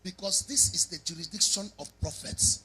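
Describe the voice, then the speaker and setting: A man's voice: high-pitched, moderate pace, slightly rough. A male pastor preaching a dramatic sermon, acting out the scenes as he goes. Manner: animated, dramatic, acts out scenes.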